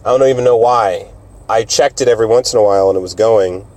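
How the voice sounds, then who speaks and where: Quick-paced and on the low side, with a darkish tone, a man runs his solo podcast as loose, rambling chat. He curses often and keeps making fun of himself.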